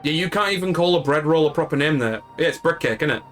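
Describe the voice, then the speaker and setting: Here the Yorkshire streamer speaks on the higher side with lively intonation and a quick pace, his tone a bit bright against soft background music. He rambles casually to his viewers in his northern English accent, restarting and filling pauses often.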